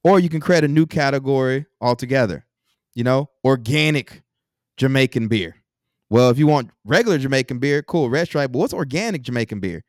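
A man's voice: mid-range voice, brisk, no echo, clean studio sound. A man from Texas, a podcast guest explaining business ideas with examples and rhetorical questions in a casual interview.

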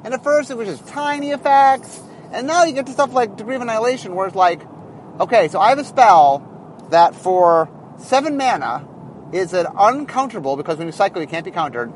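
Animated high-voiced man, rambling explanation. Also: brisk, a little hiss or hum. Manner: animated, rambling, thinking aloud. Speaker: game designer. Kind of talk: casual explanatory monologue.

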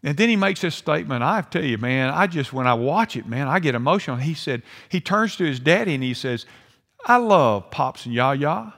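An older man preaching a sermon, swinging between hushed and emphatic delivery. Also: fairly high pitch, animated, fairly quick, few pauses. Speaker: pastor. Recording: long hall reverb.

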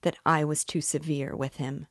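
A woman's voice: sits low, level tone, moderate pace, no echo, clean studio sound. A woman reading as a proud, bitter widow. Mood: indignant. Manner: haughty and indignant, raising her voice. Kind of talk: reading a novel aloud.

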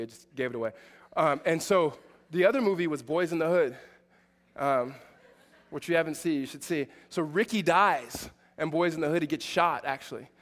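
A man in his forties giving a sermon as pastor, conversational and self-deprecating, building to emphatic passages. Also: fairly high pitch. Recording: long hall reverb.

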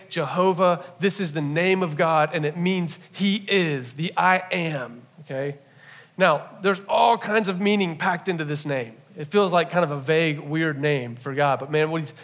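Male pastor, slightly high voice, casual animated sermon delivery with playful asides. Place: church service.

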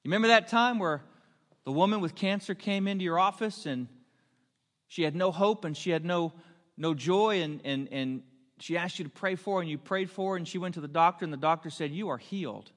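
A man voicing a sly male devil who taunts a grieving man in a low, hushed, needling tone, in a church hall with long reverb. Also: brisk, close to an everyday voice. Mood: taunting.

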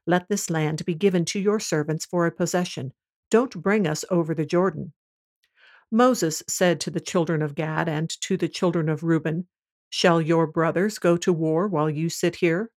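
A woman host reading scripture aloud at a measured, even pace. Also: on the low side.

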